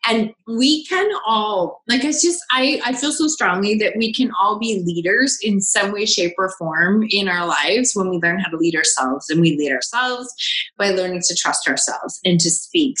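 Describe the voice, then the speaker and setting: Brief: woman host, warm-hearted effusive chat, roomy echo around her voice. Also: mid-range voice. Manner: effusive, repeats her praise. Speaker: podcast host. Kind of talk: casual interview chat. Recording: roomy, echoey room.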